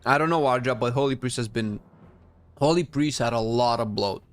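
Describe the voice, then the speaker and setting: Answering chat during a game stream, this man offers frank opinions and thinks out loud, often restarting his sentences. He speaks in a medium pitch at a moderate pace.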